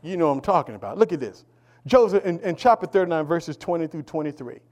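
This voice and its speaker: A male pastor preaching a sermon, calling out to the congregation for responses and swinging between loud declarations and hushed asides. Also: a little high, lively intonation, quick pace. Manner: preaching with call-and-response, swings between shouting and near-whisper.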